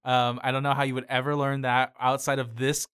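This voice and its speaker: A man's voice: mid-range voice, level tone, fairly quick, a bit bright, clean tone. A man co-hosting a podcast, chatting casually and sharing trivia. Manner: chatty, shares fun facts. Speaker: podcast co-host.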